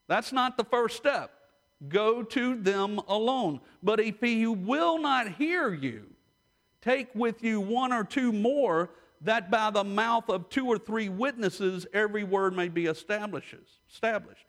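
A man's voice: high-pitched, expressive, slow, a bit bright. A middle-aged man pastor giving an emphatic sermon, repeating key lines for emphasis.

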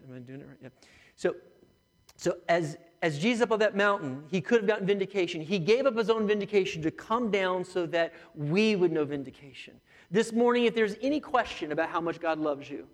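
A man preaching a sermon as pastor, moving from quiet, conversational stories to raised, impassioned calls. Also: a little high. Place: church sanctuary.

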